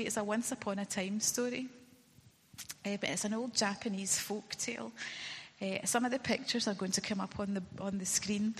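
Woman preacher with a breathy voice in a hall. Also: mid-range voice, a bit bright. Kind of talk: sermon with story reading. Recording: long reverb of a large hall.

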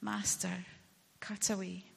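A devoted, noble bamboo plant pleads with his master, his voice lifted and a little breathy, as a woman reading aloud puts him on. The storybook reading carries a long reverb from a large hall, and the pleas sit higher than the reader's own talk. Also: unhurried, heavily acted. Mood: hushed. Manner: pleading, then hushed surrender. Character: proud gentle bamboo plant, male, devoted.

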